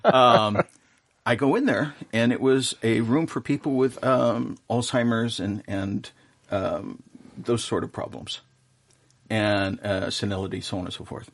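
A middle-aged man who works as Santa speaks unhurriedly in a medium-pitched voice with vocal fry. As a radio guest in a casual interview, he tells warm, earnest stories, often restarting and using lots of fillers.

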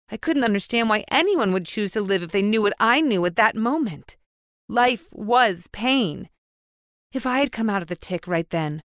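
A woman's voice: medium pitch, a bit bright. A woman narrating an audiobook in the first person with emotive, intense storytelling, recorded on a close studio mic. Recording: dry, no room echo.

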